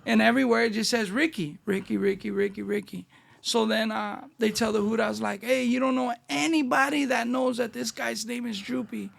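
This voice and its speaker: La guy, middle-aged, raspy fry all over, high-ish voice, telling stories w/ lots of slang. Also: normal speed. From Northeast Los Angeles. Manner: animated street-slang storyteller, acting out dialogue. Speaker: guest. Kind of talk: casual storytelling interview.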